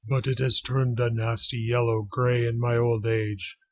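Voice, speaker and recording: A man's voice: mid-range voice, flat delivery, measured pace, close to an everyday voice. A man voicing a sorrowful, weepy old male rhinoceros in a storybook reading, speaking in a mournful, self-pitying way.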